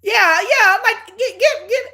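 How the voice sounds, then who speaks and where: A middle-aged woman giving blunt, sarcastic, animated commentary on a reality show she is watching. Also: very high voice, slow. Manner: hyperactive and energetic. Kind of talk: casual live watch-along commentary.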